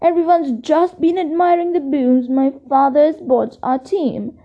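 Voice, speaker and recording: A smug, sneering rich schoolboy , put on by a woman reading a storybook aloud. The voice sits high and moves slowly, every word smooth and self-satisfied. The recording is dull and lo-fi. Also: steady tone, mellow.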